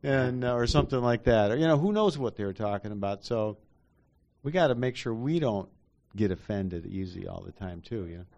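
A man's voice: on the low side, expressive, brisk, creaky, a little mellow, lo-fi sound. A man in a casual church group discussion, rambling with many fillers and acting out quotes.

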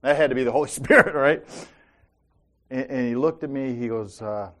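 A man's voice: mid-range voice, lively intonation, brisk, fairly bright tone. A man hosting a faith talk show, telling personal stories and often checking in with "right?" and "Amen?". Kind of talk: faith-based casual talk.

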